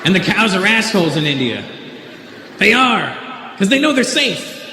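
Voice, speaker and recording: A Canadian man does stand-up with a high, wry observational delivery. The sound carries the long reverb of a roomy hall, with faint noise underneath and laughter from the audience. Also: very animated, normal speed. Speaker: stand-up comedian. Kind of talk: stand-up comedy. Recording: echoey live hall recording.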